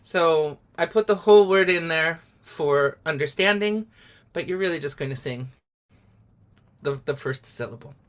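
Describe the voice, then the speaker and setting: A woman's voice: sits low, moderate pace. A middle-aged woman leading an online singing lesson over a video call, explaining patiently and encouraging everyone to join in. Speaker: song leader.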